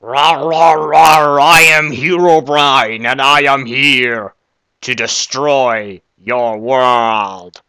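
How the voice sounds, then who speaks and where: A man voicing a goofy, mock-scary male game villain who growls hammy threats slowly. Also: mid-range voice, fairly even intonation, pushed and bright, clean tone, no echo, full character voice. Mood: mock menace.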